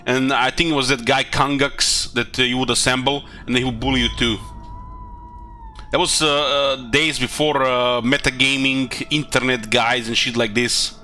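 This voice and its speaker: A man's voice: medium pitch, little pitch movement, moderate pace, sharp tone, faint music behind. A man streaming a video game, chatting casually in a rambling, profane way with lots of fillers. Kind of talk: casual gaming commentary.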